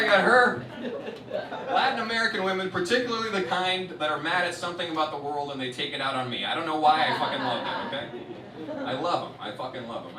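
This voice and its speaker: A young man from Miami doing a stand-up comedy set, swearing a lot and swinging from muttered asides to loud bursts. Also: fairly high pitch. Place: large live comedy venue with audience. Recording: roomy, distant live stage recording with loud crowd noise.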